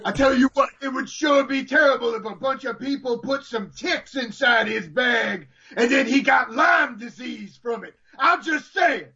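A man putting on the voice of an unhinged male wrestling commentator who wishes diseases on people, shouting in a loud drawl. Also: extremely high pitch, normal speed, hardly any pauses, husky, recorded from a distance, dull audio, pitched above the performer's own voice, heavily acted. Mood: ranting.

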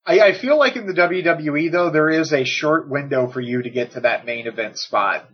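A man co-hosting a wrestling podcast in casual chat, animated and joking, swearing freely. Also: on the high side, moderate pace, breathy edge, dull audio. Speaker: podcast co-host.

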